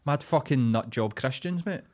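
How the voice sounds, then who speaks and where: A man's voice: mid-range voice, animated, moderate pace, darkish tone. A young Scottish man with a Glaswegian accent, co-hosting a podcast in blunt, sweary casual chat. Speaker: podcast co-host.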